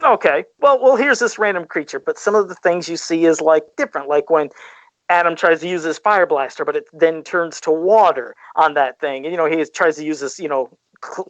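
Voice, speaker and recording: A man hosting a podcast, recapping an episode in an animated, storytelling way. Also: a little high, dry recording. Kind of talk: casual podcast chat. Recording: dry, dull lo-fi podcast audio.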